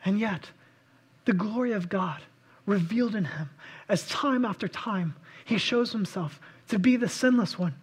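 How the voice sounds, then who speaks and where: A man preaching a sermon, swinging between loud impassioned outbursts and hushed, intimate reflection. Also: high-pitched, measured pace, slightly rough. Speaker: pastor.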